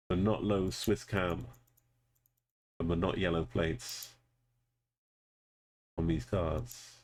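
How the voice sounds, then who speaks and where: A man streaming a geography game, thinking aloud casually and greeting viewers in chat. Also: low voice. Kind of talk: casual live gameplay commentary.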